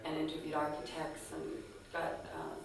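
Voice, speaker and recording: A woman with a hoarse voice from a cold, chatting warmly about a building project she led. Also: low voice, monotone, moderate pace, noisy background. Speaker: planning committee leader. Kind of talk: casual chat. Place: indoor public building at a dedication. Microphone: far camcorder mic. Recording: echoey hall, crowd chatter, from far off.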